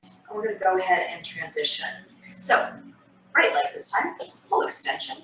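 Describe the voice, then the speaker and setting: A woman instructor guiding a stretching class over a video call, with soothing, breathy cues and sighs. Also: mid-range voice, very animated, normal speed, bright, forceful tone, recorded from a distance. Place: home room on a video call. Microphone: laptop mic on a video call. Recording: echoey room, off-mic, music behind. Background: background music.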